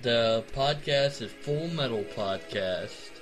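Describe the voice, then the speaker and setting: A man chats as a podcast co-host with easygoing, self-mocking humor. his voice sits at a middling pitch, with faint music underneath. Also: expressive, slow. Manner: joking, self-deprecating banter. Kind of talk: casual chat.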